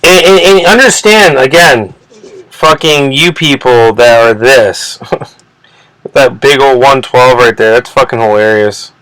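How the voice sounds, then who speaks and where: A man rants on his own channel in a profane, rambling way, tripping over repeated words as his indignation builds. His voice sits in an ordinary middle pitch. The sound is dry and close, with no room echo. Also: measured pace, fairly bright tone. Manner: agitated, indignant. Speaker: channel host. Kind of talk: ranting commentary video.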